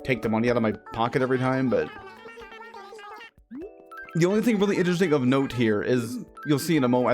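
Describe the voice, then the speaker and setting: Chatty game streamer, mid-pitched. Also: expressive, a little fast, a little mellow, soft background music. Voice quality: rambling, chatty, self-correcting. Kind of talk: casual live-stream commentary over gameplay.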